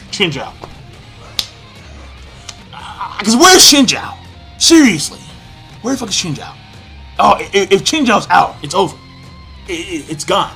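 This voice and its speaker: A young man rants through a comic review, swearing freely and bursting into shouts as he rambles. His slightly high voice swings widely in pitch and has a sharp, bright edge. Faint music plays underneath. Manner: excitable, profane, rambling, with frequent shouted outbursts. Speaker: manga reviewer. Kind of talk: ranting commentary.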